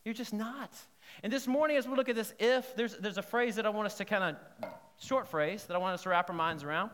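Delivering his sermon briskly, a pastor speaks in a bright, somewhat high voice that echoes with the long reverb of a big sanctuary. His style is chatty and lively, and he keeps asking the congregation if they're with him.

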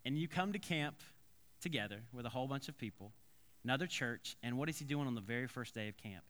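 Bright-voiced pastor in a reverberant hall. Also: male voice, mid-range voice, quick pace. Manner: animated, conversational, with many restarts and asides. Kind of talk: storytelling sermon.

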